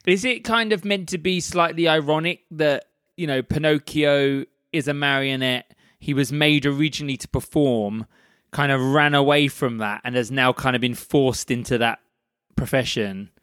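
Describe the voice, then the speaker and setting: A man's voice: medium pitch, normal speed, a bit bright, smooth, no echo, clean studio sound. A man co-hosting a podcast, chatting casually and thinking aloud with hedges and fillers. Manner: thoughtful, hedging with fillers. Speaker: podcast co-host. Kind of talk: casual chat.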